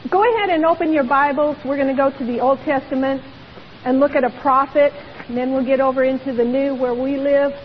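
Female preacher, high-pitched, emphatic sermon delivery, faint hiss on a muffled recording. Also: steady tone, brisk. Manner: emphatic, rhetorical questions. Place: church. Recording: dull lo-fi recording with long hall reverb and faint hiss.

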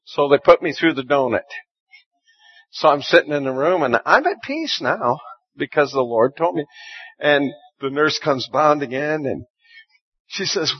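A man's voice: a little high, expressive, measured pace, pauses often, breathy edge, lo-fi sound. A man preaching a sermon and telling a personal story, often stumbling and repeating words as he starts a sentence.

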